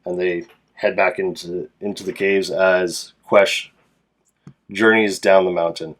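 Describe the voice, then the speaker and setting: A man's voice: low-pitched, flat delivery, unhurried, fairly bright tone. A man casually narrating and playing a solo tabletop game as game master, thinking aloud as he rolls dice.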